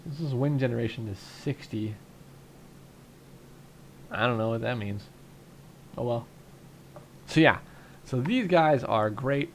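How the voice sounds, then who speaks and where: A man's voice: medium pitch, a little hiss or hum. A young man narrating a game casually and rambling through his thoughts with lots of fillers, tired and yawning. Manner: relaxed, rambling, thinks aloud with fillers. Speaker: gaming YouTuber. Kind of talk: casual Minecraft commentary.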